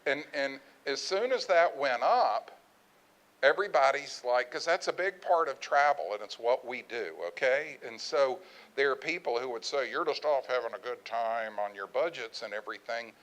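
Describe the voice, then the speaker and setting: A middle-aged man speaking at a presentation about his research business, telling lively anecdotes and acting out what others said. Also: mid-range voice, normal speed, poor audio. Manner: animated storyteller, acts out quoted voices. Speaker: conference speaker, research firm owner.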